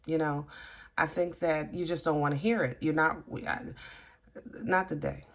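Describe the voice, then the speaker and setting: A woman giving a casual tarot reading, halting and gently reassuring, often restarting her sentences. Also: low-pitched, fairly even intonation. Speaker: tarot reader.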